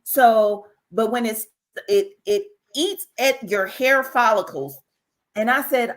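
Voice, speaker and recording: A woman, a podcast guest telling a personal story in an animated way, often repeating herself and speaking straight to listeners. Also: fairly high pitch, takes it slowly, low-quality recording. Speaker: guest, author. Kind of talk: casual interview storytelling.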